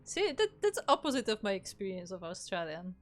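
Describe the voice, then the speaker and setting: A woman's voice: medium pitch, a little fast. Chatty Polish woman casting a game. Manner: relaxed, chatty, explanatory. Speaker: esports caster. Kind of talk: live game commentary.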